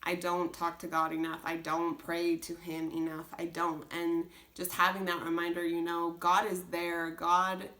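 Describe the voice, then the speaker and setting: A woman's voice: fairly low pitch, monotone, a little slow, hardly any pauses, bright, forceful tone. A young woman talking casually as a homeschooling mom, earnest and rambling, full of restarts and "like". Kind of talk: casual chat.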